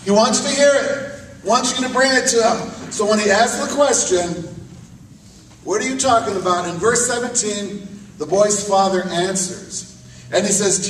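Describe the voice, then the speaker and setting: A man, a pastor, preaching a sermon with call-and-response, swinging from loud outbursts to hushed questions. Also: high voice, moderate pace, slight background noise. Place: church chapel. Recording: echoey room picked up from a distance.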